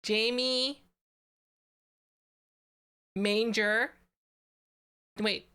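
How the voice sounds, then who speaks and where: A woman's voice: on the high side, fairly even intonation, very slow, pushed and bright, clean tone. A woman VTuber streamer chatting casually and playfully with her chat, giggling and reading names aloud.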